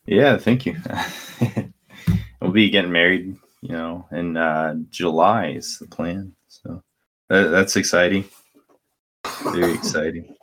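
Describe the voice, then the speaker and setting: A man's voice: sits low, steady tone, slow pace, a bit bright. A young man co-hosting a podcast, chatting casually with lots of fillers and restarts. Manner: rambling with many fillers and restarts. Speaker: podcast co-host. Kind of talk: casual chat.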